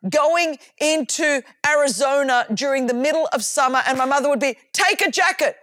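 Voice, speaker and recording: A woman hosting a faith talk, telling family stories in an animated way with repetitions. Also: high voice, normal speed, no room sound, studio quality. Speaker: podcast host.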